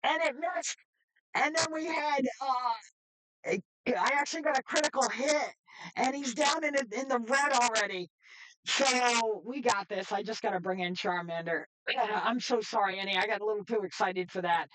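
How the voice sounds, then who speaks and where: A woman streamer giving excitable, chatty live gameplay commentary. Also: on the high side, normal speed, rough recording. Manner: excitable, chatty, laughs often.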